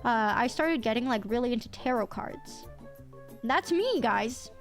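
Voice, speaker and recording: A young woman streamer telling stories in casual chat, animated, laughing often and swearing casually. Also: fairly high pitch, a little slow, soft background music.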